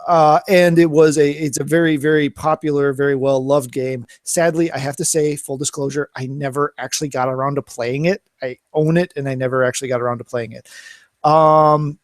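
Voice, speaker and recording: A man's voice: on the high side, fairly even intonation, a little fast, no room sound. Rambling man on a gaming podcast. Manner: rambling, many fillers and restarts. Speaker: podcast co-host. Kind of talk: casual gaming podcast chat.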